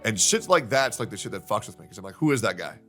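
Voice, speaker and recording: A man telling a personal story to his stream in a casual, unhurried way, with many fillers. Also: fairly low pitch, sing-song, a bit bright, faint music behind. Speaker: streamer in a played clip.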